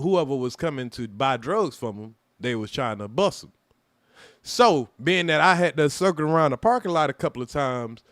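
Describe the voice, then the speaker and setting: A man casually telling a personal story on a livestream, animated and profane, loudly acting out what people said to him. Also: on the high side, no echo, clean studio sound. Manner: animated, profane, acts out quoted voices loudly.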